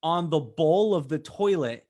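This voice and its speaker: A man's voice: a little high, animated, unhurried, a little mellow. A man in his thirties from the United States, hosting a casual training webinar in a chatty, upbeat way with fillers and asides. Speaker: host.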